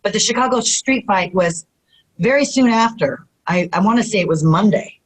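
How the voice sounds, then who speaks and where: A woman guest in an interview, telling stories in a casual, animated way, often acting out quotes and saying "you know what I mean". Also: medium pitch, normal speed, rough recording. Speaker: retired pro wrestler guest.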